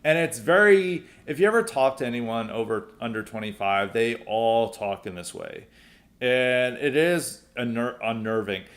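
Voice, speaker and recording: A man's voice: mid-range voice, moderate pace, fairly bright tone. A young adult man hosting a podcast, answering listener mail in a rambling way with frequent fillers and restarts. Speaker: podcast host. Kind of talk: casual mailbag commentary.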